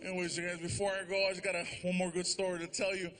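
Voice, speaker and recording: A man's voice: sits high, flat delivery, very fast. A man doing stand-up comedy on stage, telling a long story and acting out the voices of the people in it. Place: large theater before a live audience. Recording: live show with loud crowd noise.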